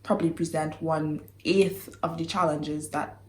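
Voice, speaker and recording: A woman's voice: low voice, a little slow, a little hiss or hum. A young woman from Trinidad, chatting casually and animatedly on her vlog, laughing often. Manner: giggly, animated and apologetic. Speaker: vlogger. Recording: echoey room.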